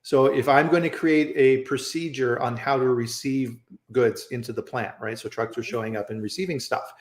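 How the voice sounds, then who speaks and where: Over a video call, a man hosts a casual live-stream chat, telling stories in an animated way and often tossing in "right?" as he goes. His voice sits at a medium pitch and moves at a moderate pace. The recording has a roomy echo.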